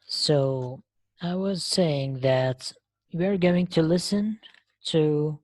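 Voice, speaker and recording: A woman's voice: deep voice, darkish tone, no echo. A woman teaching a live online English lesson, explaining patiently and often checking that students follow. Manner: slow explaining, frequent checking questions. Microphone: online lesson connection.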